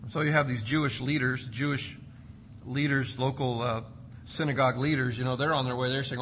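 A man's voice: mid-range voice, steady tone, a little fast, a bit bright, slight background noise. A man preaching an expository sermon, emphatic and repeating key words for stress. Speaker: pastor.

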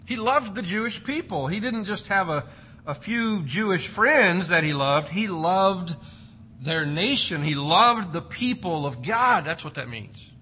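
A man's voice: high voice, animated, measured pace, pushed and bright, slight background noise. A man preaching an expository sermon, emphatic and repeating key words for stress. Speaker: pastor.

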